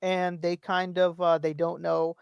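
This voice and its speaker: A man's voice: sits high, flat delivery, measured pace, gravelly, clean tone, dry recording, muffled recording. A man in his thirties co-hosting a podcast, telling rambling stories, swearing freely and acting out quotes. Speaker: podcast co-host. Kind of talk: casual chat.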